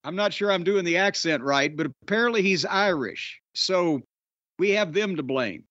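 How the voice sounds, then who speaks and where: A man with a notably high voice holds forth as a podcast host, sardonic and opinionated, swearing freely. The sound is dry and close, with a slightly dull, muffled top end. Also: expressive, normal speed, a bit bright, dry recording. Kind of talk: casual wrestling podcast chat.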